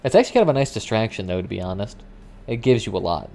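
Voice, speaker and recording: A young man streaming a vehicle combat game, chatting casually with swearing and sudden excited outbursts as he plays. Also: on the low side, rapid-fire, vocal fry. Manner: casual, profane, excitable reactions. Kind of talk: live gameplay commentary.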